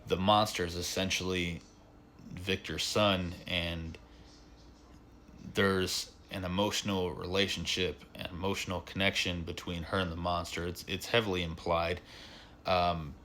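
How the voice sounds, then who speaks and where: Male film reviewer, deep and punchy, loose and filler-heavy delivery, faint background hiss. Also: flat delivery, unhurried, sharp tone. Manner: rambling, filler-heavy retelling with frequent "like" and "um". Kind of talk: casual spoken film review.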